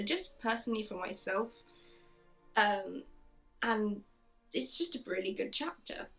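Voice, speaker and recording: Gushing, chatty woman with a gravelly edge. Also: on the high side, a bit bright. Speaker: book vlogger. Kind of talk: casual book review with read-aloud passages.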